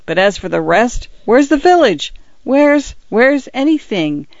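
A man's voice: high-pitched, measured pace, dry recording, highs cut off. A man voicing a flustered, middle-aged ordinary clerk out of his depth, speaking in plain colloquial grammar in an audiobook. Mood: bewildered. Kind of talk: audiobook character voice.

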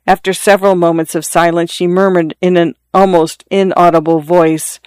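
A narrator reading a story in a measured, even way. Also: medium pitch, clear, resonant tone, no room sound. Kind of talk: audiobook narration.

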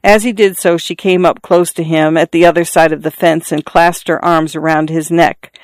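Measured audiobook narrator, dry sound. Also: mid-range voice, no room sound. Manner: measured, even storytelling. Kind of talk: audiobook reading.

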